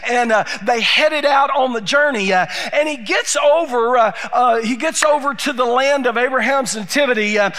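A male pastor with a drawl tells a Bible story to his congregation. His voice sits unusually high and sounds sharp and forceful. He jumps between speaking and shouting and leans on many "uh"s along the way. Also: moderate pace, hardly any pauses. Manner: animated, shouting in bursts, many fillers. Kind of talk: storytelling sermon.

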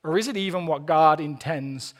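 A man's voice: a little high, normal speed. A man preaching a sermon, earnest with playful asides, often repeating the first word of a phrase. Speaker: pastor.

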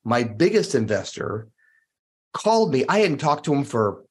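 A man's voice: medium pitch, big pitch swings, moderate pace, husky. A man on a podcast telling stories casually and animatedly, acting out dialogue in different voices. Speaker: podcast guest, real estate investor. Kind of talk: casual interview storytelling.

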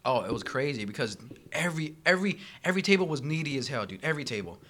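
A man rattles through his stories at a quick clip, his voice bright and sharp. His pitch swoops around constantly as he acts out the people he's talking about, cursing freely. It's casual, animated podcast talk. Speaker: guest. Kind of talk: casual storytelling.

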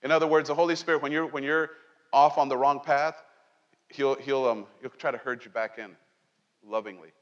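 A man's voice: mid-range voice, brisk, long reverb tail, dull audio. A man preaching a sermon as pastor, talking conversationally and joking with his congregation. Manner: conversational, animated preaching with jokes and asides. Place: church sanctuary.

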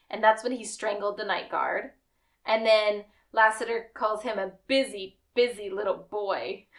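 A woman co-hosting a podcast, casually recapping a TV episode and acting out quick quotes. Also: mid-range voice, fairly even intonation. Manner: retells scenes with quick acted quotes and laughs. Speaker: podcast co-host.

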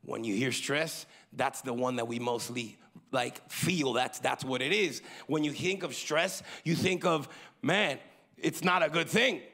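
A male pastor preaching a sermon, calling for amens from the congregation and moving between loud emphasis and quiet asides. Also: medium pitch, a little slow. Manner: preaching with call-and-response to the congregation.

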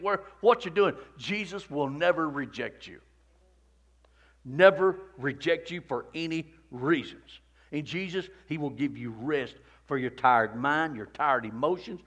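Guy preaching a sermon, high voice, bright and forceful, repeats lines over and over, goes from shouting to almost whispering. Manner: repetitive preaching cadence, swinging from shouted peaks to hushed near-whispers. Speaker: pastor.

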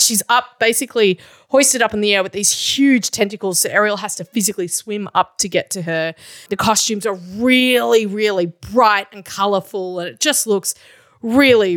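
A woman's voice: mid-range voice, a bit bright, no echo. A woman co-hosting a podcast, chatting enthusiastically and laughing often. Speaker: podcast co-host. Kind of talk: casual chat about musical theatre.

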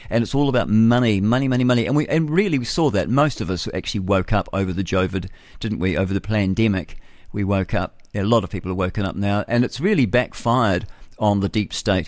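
A man's voice: lowish voice, darkish tone, no echo, clean studio sound. A middle-aged man with a New Zealand accent hosting a breakfast radio show, rambling and opinionated, laughing at his own jokes. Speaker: radio host. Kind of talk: rambling talk-radio monologue. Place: radio studio.

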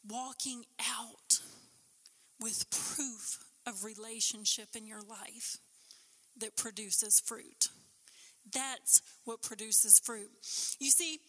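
A woman preaching a sermon with passion, building to emphatic peaks and then dropping low. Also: steady tone, takes it slowly, pushed and bright. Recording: long hall reverb.

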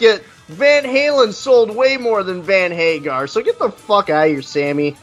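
A man's voice: sits high, animated, moderate pace, few pauses, a bit bright, soft background music. A man ranting crudely and mockingly while reviewing an album in casual podcast chat. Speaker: podcast co-host.

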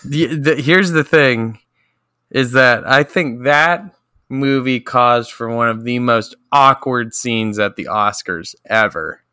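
Male podcast co-host, casual rambling storyteller, tense bright clear tone. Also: mid-range voice, dry recording, studio quality. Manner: rambling, laughing storyteller, quick asides. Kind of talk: casual chat.

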